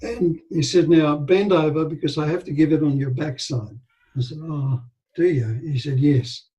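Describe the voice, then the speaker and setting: An older man, telling animated anecdotes with quoted dialogue as an interview guest. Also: on the high side, normal speed, poor audio. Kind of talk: storytelling in a casual interview.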